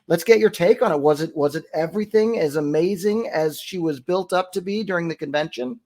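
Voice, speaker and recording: Casual, sardonic male host, fairly high voice. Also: fairly quick, a little mellow. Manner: casual, sardonic, interviewer asking leading questions. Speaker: talk show host. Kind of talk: political talk show chat.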